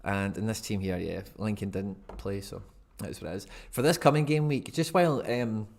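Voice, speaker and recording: A man's voice: lowish voice, moderate pace, gravelly, darkish tone. A man, chatting casually and rambling through a live stream, often laughing at himself. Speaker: fantasy football streamer.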